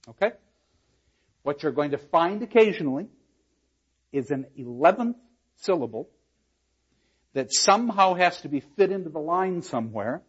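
A man's voice: on the high side, slightly rough, muffled recording. A man giving a university lecture on a play, explaining verse and reading lines aloud with dramatic emphasis. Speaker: literature lecturer.

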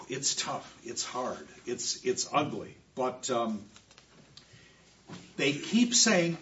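A man giving a classroom lecture, expressive, with emphatic repetitions. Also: mid-range voice, slow pace, long pauses, far from the mic, dull audio.

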